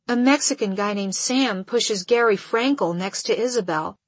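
A woman reading a first-person audiobook in a measured storytelling way. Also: mid-range voice, husky, no room sound. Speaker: audiobook narrator.

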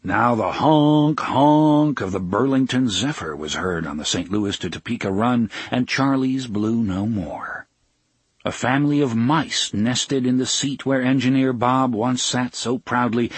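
A man narrating a children's storybook aloud with an expressive storytelling cadence. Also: mid-range voice, measured pace, slightly rough, dry recording. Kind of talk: storybook reading.

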